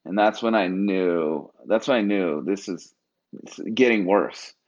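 On a dull, lo-fi recording, a guest who served in the Marine Corps, a man in his thirties, shares a personal story with earnest sincerity. He speaks low and unhurried, reenacting the dialogue in voices as he goes.

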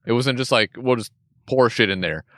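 A man in his thirties co-hosting a casual chat, animated and swearing, with mock-voiced asides. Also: mid-range voice, normal speed, dry recording, studio quality. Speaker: podcast co-host. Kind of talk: casual chat tasting beer.

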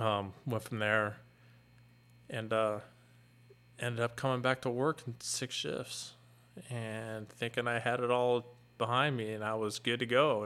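A middle-aged man, a fire captain, earnestly retelling a painful personal story in a candid, halting way. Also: medium pitch, sharp tone.

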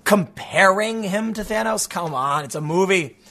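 A man giving sarcastic commentary, mocking and animated, laughing often, and losing his voice. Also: sits high, moderate pace, vocal fry. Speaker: political commentary host.

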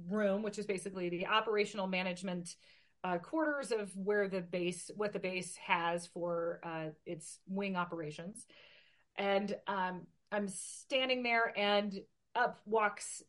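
Woman in her 40s spinning a long animated story, mid pitch, chatty interview. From Oregon, USA. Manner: lively, animated storytelling with quoted voices. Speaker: interview guest.

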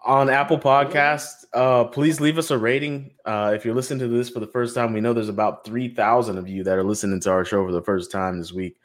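A man hosting a casual roundtable podcast, joking around and laughing easily. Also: lowish voice. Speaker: podcast host.

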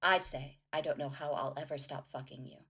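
A woman reading the lines of an intense romance hero, delivered low through gritted teeth. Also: brisk, a bit bright, slightly rough, full character voice.

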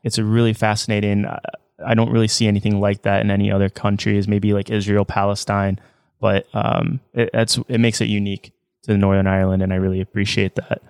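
Guy cohosting a chill travel podcast, kinda low voice, eager, trips over his words, dry mic. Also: monotone, fairly quick, vocal fry, a little mellow, clean tone, no room sound. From United States. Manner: enthusiastic, frequent restarts. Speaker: podcast co-host. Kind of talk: casual travel chat.

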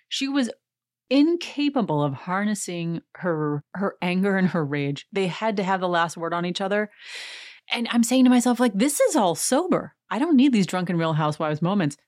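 A chatty woman hosts a casual recap podcast, talking in a slightly low voice with a giggly, playful manner. Her voice sits close and dry, with no room sound around it. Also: darkish tone, no echo. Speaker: podcast host. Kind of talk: casual reality-TV recap commentary.

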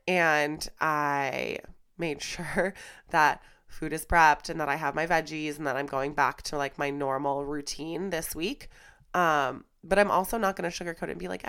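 A young woman who hosts a podcast and teaches fitness delivers a candid personal monologue, raw, emotional and swearing freely. She's stuffy and congested from flu and crying. Her voice is slightly low yet a bit bright, on a studio microphone.

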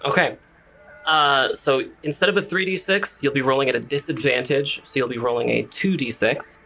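A man narrating a tabletop game as game master, measured and hesitant, with fillers. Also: mid-range voice, bright, forceful tone, a little hiss or hum.

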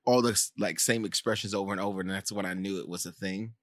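A man's voice: low-pitched, fairly even intonation, fast talker, no echo. An American man co-hosting a casual podcast, telling rambling stories full of fillers and restarts. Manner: rambling storyteller with many fillers. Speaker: podcast co-host. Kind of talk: casual chat.

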